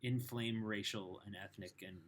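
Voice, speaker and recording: A man's voice: on the low side, steady tone, measured pace, a crowd in the background. A man co-hosting a podcast, talking in thoughtful, wry casual chat. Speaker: podcast co-host.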